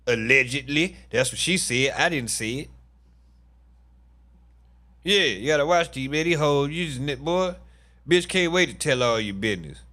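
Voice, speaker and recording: A man's voice: medium pitch, animated, moderate pace, pauses often, sharp tone. A tired man hosting a commentary vlog, reacting to trial testimony in a blunt, profane, incredulous way. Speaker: commentary channel host.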